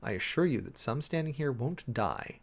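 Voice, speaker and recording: A man's voice: medium pitch, sing-song, moderate pace, vocal fry. A man preparing a sermon, reading scripture aloud and thinking it through in a rambling, self-interrupting way. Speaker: preacher.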